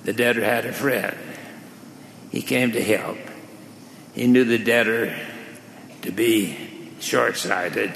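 A male preacher telling a parable in a measured, deliberate sermon, recorded in a large hall. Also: on the low side, fairly even intonation, creaky, a bit bright, a little hiss or hum. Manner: slow, measured, deliberate storytelling. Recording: echoey hall with faint ambience.

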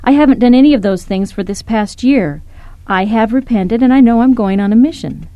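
A woman's voice: on the high side, animated, fairly quick, warm tone, no room sound, voice pushed up. A woman reading the lines of a haughty young man who insists on his own way. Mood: defiant. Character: defiant boastful young man.

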